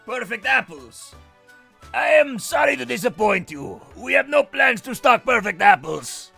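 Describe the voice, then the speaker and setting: A man voicing an excitable male chameleon shopkeeper in a loud, squawking put-on voice while playing a game. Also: extremely high pitch, unhurried, vocal fry, slightly rough, soft background music, pitched above the performer's own voice, exaggerated voice. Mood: apologetic. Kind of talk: let's play voice acting.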